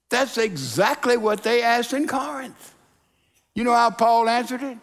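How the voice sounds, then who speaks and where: A man's voice: very high voice, measured pace, fairly bright tone, long reverb tail. A man preaching a sermon to a congregation, telling stories and acting out the voices in them. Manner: storytelling preacher, acts out voices in dialogue. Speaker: pastor. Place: church sanctuary.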